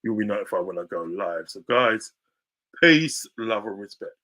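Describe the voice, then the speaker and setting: A man ranting on a live stream about his football club. He is heated and combative, keeps repeating his lines, and now and then bursts into loud shouting. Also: on the low side, lively intonation, moderate pace. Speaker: football fan vlogger.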